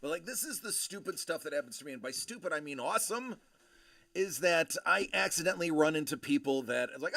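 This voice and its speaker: A man's voice: fairly high pitch, animated, fairly quick, gravelly, sharp tone, no echo. A man hosting a casual livestream, telling a long rambling story with many fillers and restarts. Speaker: show host.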